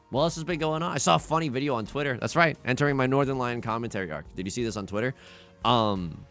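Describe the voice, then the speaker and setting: A man's voice: mid-range voice, quick pace, a bit bright. A man hosting a Let's Play, giving chatty, rambling gameplay commentary full of restarts and laughs. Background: faint game music.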